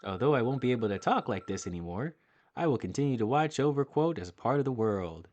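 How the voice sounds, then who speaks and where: A man voicing a small, selfless male time fairy in a game, reading in a soft, calm way close to his own voice. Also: mid-range voice, fast talker, dull audio, close to an everyday voice. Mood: gentle.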